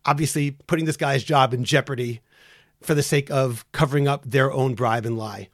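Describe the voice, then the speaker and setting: A man's voice: medium pitch, fairly even intonation, moderate pace, a bit bright, no room sound, studio quality. Earnest man telling a story on a podcast. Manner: earnest, storytelling with acted quotes. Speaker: podcast host. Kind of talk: conversational storytelling.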